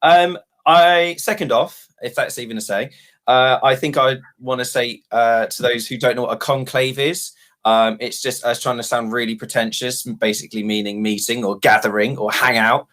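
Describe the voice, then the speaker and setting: A man's voice: medium pitch, fairly even intonation, normal speed, fairly bright tone. Rambling, self-deprecating man. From England. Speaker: guest, guild founder. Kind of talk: casual livestream chat.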